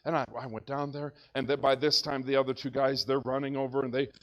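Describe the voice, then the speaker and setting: A man preaching as a pastor, telling a story in an animated way and shouting when excited, in a church. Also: mid-range voice, fast talker, highs cut off. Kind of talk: storytelling sermon. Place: church sanctuary.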